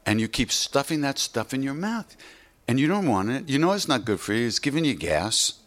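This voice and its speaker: A man leads an informal spiritual talk on practice and attention. He speaks in a loose, conversational way, doubling back on himself and tossing in "you know" often. His voice sits at an ordinary middle pitch for a man. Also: big pitch swings, fairly quick, fairly bright tone. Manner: conversational and rambling, with self-interruptions and frequent "you know". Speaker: meditation teacher.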